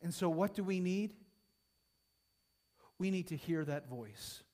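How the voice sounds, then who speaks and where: Guy preaching in church, kinda high voice, gets loud then drops way soft. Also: animated, slow pace. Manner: emphatic, building and falling in intensity. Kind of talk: sermon ending in prayer.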